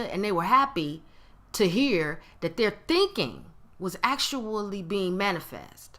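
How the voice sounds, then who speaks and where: Woman, forties, storytelling talk, bright tone, very lively pitch, conversational with restarts. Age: 40s. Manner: animated, acts out quoted voices with big pitch jumps; conversational with frequent restarts and okay tags.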